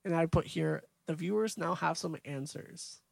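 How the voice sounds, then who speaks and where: A man's voice: fairly high pitch, moderate pace, creaky, no echo. A man co-hosting a podcast, casually recapping a movie's scenes from his notes. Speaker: podcast co-host.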